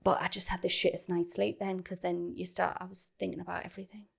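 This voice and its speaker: Lively woman telling a story. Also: fairly low pitch, fast, creaky, breathy edge. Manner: animated, laughing, acting out other people's lines. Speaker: podcast co-host. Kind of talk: casual storytelling chat.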